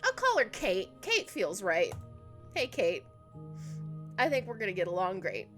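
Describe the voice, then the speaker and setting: A woman's voice: medium pitch, huge pitch swings, measured pace, music in the background. A young woman giving chatty, emotional commentary as she plays a video game, full of likes and ums. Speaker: let's play streamer. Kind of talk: casual gameplay commentary.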